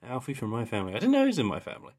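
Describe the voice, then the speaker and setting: A man's voice: medium pitch, huge pitch swings, rapid-fire, darkish tone. A young man co-hosting a podcast, chatting casually with laughs and trailing mumbles. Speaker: podcast co-host. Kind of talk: casual chat.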